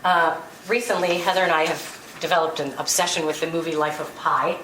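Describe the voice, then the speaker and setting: A woman's voice: low-pitched, fairly even intonation, fairly quick, background noise. A woman giving an earnest spiritual talk to a gathering, telling personal stories with light laughter. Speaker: spiritual speaker. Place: meeting room. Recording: roomy hall, distant mic, faint ambience.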